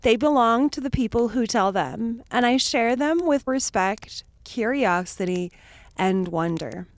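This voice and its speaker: Slow, gentle woman telling kids' stories. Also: a little high, lively intonation. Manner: gentle, hushed, dramatic storytelling. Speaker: children's storytime host. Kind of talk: children's storytelling.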